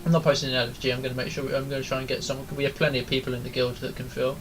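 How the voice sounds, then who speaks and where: A man's voice: medium pitch, little pitch movement, very fast, background noise. A man leading an online game raid over voice chat, giving instructions in a casual way full of ums and likes. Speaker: raid leader. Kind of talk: casual voice chat while gaming.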